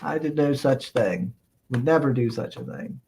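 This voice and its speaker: A man's voice: medium pitch, expressive, normal speed, warm tone, husky. A man hosting a casual live stream, reading chat aloud and rambling in reply with frequent chuckles. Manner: rambling, chuckling, lots of "uh, let's see" fillers.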